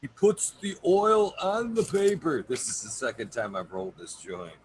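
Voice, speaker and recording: A man joking slowly in a casual podcast chat, laughing a lot. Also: medium pitch, wildly swooping pitch, a little hiss or hum. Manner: slow, jokey, laughs a lot.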